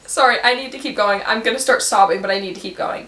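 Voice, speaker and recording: A young woman chatting casually in a book vlog, gushing and full of fillers, sometimes reading quotes aloud softly. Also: on the high side, fast, hardly any pauses, reverberant, slight background noise. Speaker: book vlogger.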